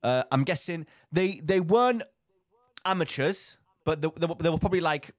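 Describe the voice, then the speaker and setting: Young guy telling a story on a podcast, kinda high voice, dry close sound, keeps restarting his sentences. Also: normal speed, dry recording. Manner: animated, repeats and restarts phrases while telling a story. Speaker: podcast co-host. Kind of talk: casual storytelling chat.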